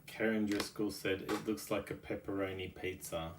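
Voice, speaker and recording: A man's voice: lowish voice, little pitch movement, moderate pace, reverberant, a little hiss or hum. A man co-hosting a casual craft stream, reading viewer comments aloud with dry, understated remarks. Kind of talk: casual live craft demo.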